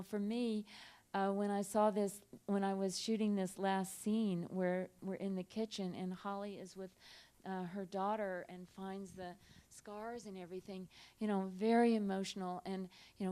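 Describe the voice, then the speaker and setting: An animated woman telling stories on a cinema stage, moving easily from plain narration into acted-out quotes and quick laughs. She speaks candidly, with casual swearing, and her voice sits at an ordinary middle pitch. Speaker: film director, guest. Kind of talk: onstage conversation, anecdotes. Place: cinema stage at a live event.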